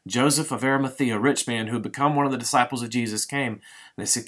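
Male pastor, middle-aged, devotional sermon, vivid storytelling, mid-pitched voice, emphatic slowdowns. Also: fairly even intonation, fairly bright tone. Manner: vivid dramatic retelling, emphatic and slowing for weight.

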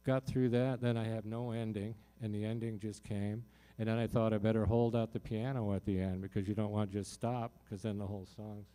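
A man with a lowish, mellow voice tells a personal story to a live audience from a concert stage. He talks loosely and from the heart, stacking up fillers and restarts as he goes. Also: flat delivery, fairly quick, hardly any pauses. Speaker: singer-songwriter performing in concert.

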